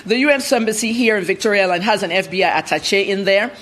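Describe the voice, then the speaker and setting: Woman journalist guest on TV news, blunt and animated. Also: medium pitch, fast talker. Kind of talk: TV news interview.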